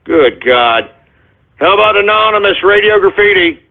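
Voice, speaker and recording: A man's voice: high voice, expressive, normal speed, creaky. A man hosting a talk radio show, ranting at callers in a profane, exasperated way. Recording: tinny phone-like line.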